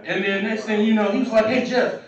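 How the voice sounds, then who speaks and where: The recording is muffled and very echoey, captured from a distance as a man in his thirties performs an open mic stand-up set at a comedy club. He speaks in a high, monotone voice at a quick pace, keeping it loose, profane and conversational, acting out quotes to a laughing crowd.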